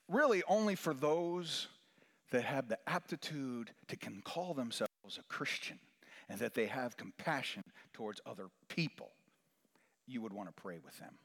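A man's voice: medium pitch, animated, a little slow. Man preaching in a reverberant hall. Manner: swings from loud emphatic rises to hushed near-whispers. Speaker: chaplain. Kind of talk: sermon. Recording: long reverb of a large hall.

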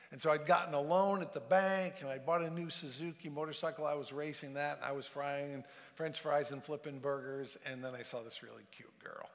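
A man giving an earnest sermon testimony, telling a personal story and shifting his loudness for effect. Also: on the high side. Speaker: preacher. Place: large church sanctuary. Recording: long reverb of a large sanctuary.

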